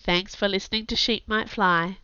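Bright-voiced woman reading a story. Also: mid-range voice, steady tone, normal speed, clear, resonant tone, dry recording. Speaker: author and podcast host. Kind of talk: scripted audiobook narration. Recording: dull lo-fi sound.

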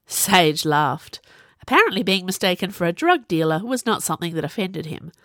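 A woman narrating a novel in a steady storytelling manner. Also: lowish voice, moderate pace, no echo, clean studio sound. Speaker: audiobook narrator. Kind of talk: scripted narration.

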